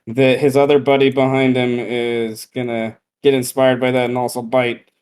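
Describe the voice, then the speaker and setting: A man's voice: mid-range voice, flat delivery, normal speed, a little mellow, clean tone. A man narrating a tabletop game as game master, speaking hesitantly with many fillers.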